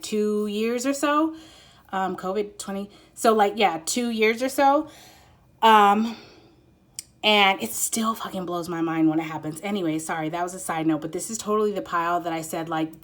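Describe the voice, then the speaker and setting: A woman talks through a casual pick-a-card tarot reading with a middle-range voice. She rambles, gets excited and giddy, and swears freely as she goes. It sounds like chatty, unscripted talk. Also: mid-range voice.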